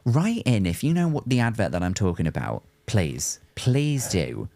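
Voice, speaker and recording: A man recorded close and dry tells rambling comic stories on a chat podcast. His pitch sits fairly low but swings all over the place as he gets carried away. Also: normal speed, creaky, dry recording. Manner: animated, rambling storytelling. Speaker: podcast co-host. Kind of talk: casual comedic chat.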